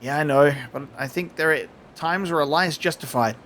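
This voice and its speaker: A man's voice: fairly high pitch, fairly quick, fairly bright tone, a little hiss or hum, natural voice. A man voicing a sheepish young delinquent in a video game, pleading eagerly for help.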